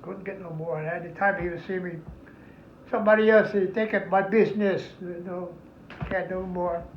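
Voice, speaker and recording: A man's voice: high voice, fairly even intonation, moderate pace, a little hiss or hum. An older man, a veteran, recounting his memories in a rambling, heavily profane oral history interview. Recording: echoey, somewhat muffled room recording.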